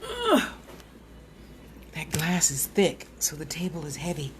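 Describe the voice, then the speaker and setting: A woman's voice: deep voice, normal speed, background noise. A woman clairvoyant medium in casual live-stream chat at home, rambling and blunt, talking straight to her viewers.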